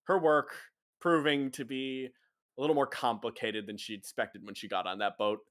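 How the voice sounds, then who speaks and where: A man acts as game master for a tabletop roleplay, narrating casually and loosely with lots of "kinda" and "sorta." His medium-pitched voice is steady, fairly bright, and at normal speed.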